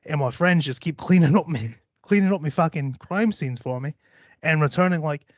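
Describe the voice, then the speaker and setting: A man's voice: on the high side, lively intonation, moderate pace, no room sound, lo-fi sound. A man putting on a mock Australian accent. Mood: playful. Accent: put-on Australian. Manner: rambling, profane, comic. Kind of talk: podcast storytelling.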